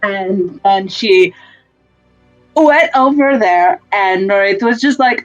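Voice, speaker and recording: A woman's voice: mid-range voice, slow pace, dull audio, faint music behind. A woman casually recapping a tabletop game session, rambling, swearing and laughing as she goes. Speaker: player giving a session recap.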